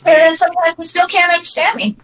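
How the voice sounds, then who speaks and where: High-voiced chatty woman. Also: flat delivery, a bit bright, poor audio. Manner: chatty, jokey, acts out quick impressions. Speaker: guest on a livestream. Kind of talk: casual chat.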